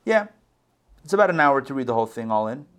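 A man leads a conversational online Bible class, teaching Torah over video in a relaxed way, correcting himself as he goes and checking in with his listeners. His medium-pitched voice swings widely in pitch and moves at a quick pace, with background noise audible.

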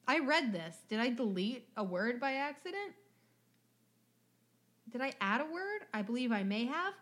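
Bright, animated young woman storyteller. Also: on the high side, measured pace, long pauses. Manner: animated, acts out voices of family in quotes, swears freely. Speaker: podcast co-host. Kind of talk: casual storytelling chat.

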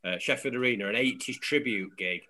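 A man's voice: medium pitch, brisk, sharp tone. A man hosting a casual football podcast, jokey and teasing his co-hosts. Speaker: podcast host.

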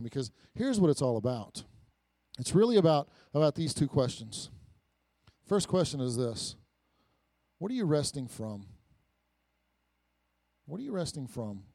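Lively, fairly high-voiced male pastor. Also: dry recording. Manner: lively, storytelling, frequent restarts and repeats. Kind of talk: conversational sermon.

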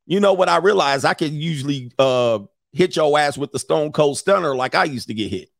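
A man's voice: a little high, normal speed, vocal fry, pauses often, no room sound, clean studio sound. Blunt, profane middle-aged man commentating. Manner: blunt, profane, with frequent laughter; animated, swings into mocking impressions. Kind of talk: casual commentary reading an article aloud.

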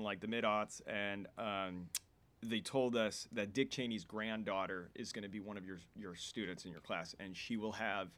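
A man's voice: lowish voice, fairly bright tone. A man co-hosting a casual film podcast, telling rambling stories and interrupting himself. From United States. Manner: rambling, self-interrupting storyteller. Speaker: podcast co-host. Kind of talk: casual chat about films.

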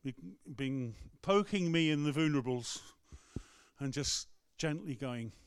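An English rector tells a personal story from the pulpit in an easy, conversational sermon. His voice sits a little high for a man. The sound is close and dry, with no room echo. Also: expressive, a little slow, clean tone. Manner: storytelling, conversational, acts out quotes. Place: church.

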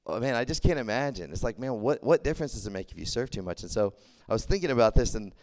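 A man's voice: mid-range voice, animated, fast, darkish tone. A young man giving a casual, conversational sermon to a college group, telling a story with many fillers. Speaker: preacher at a college ministry.

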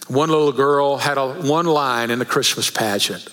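A man preaching a sermon to a church congregation, telling stories and slowing down for scripture. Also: mid-range voice, a bit bright, in a large hall, low-quality recording. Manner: storytelling, slows for scripture. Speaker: pastor. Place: church sanctuary.

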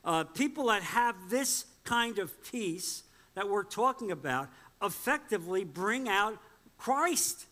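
A man's voice: sits high, very animated, slow pace, pushed and bright. A man preaching a sermon, emphatic and direct, quoting scripture and putting questions to the congregation. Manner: emphatic, repeats points and asks the congregation questions; quotes scripture aloud. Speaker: pastor.

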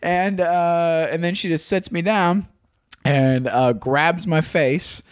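A man's voice: on the high side, slow, clean tone, no room sound, studio quality. A man who is a touring stand-up comedian, telling stories in a casual podcast chat and laughing through them. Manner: animated storyteller, laughs through his stories.

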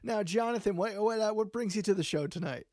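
A man's voice: high voice, brisk, a little mellow, no echo, clean studio sound. A man hosting an improvised comedy call-in show, talking in a rambling, earnest way that sometimes drops to near whispers. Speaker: talk show host.

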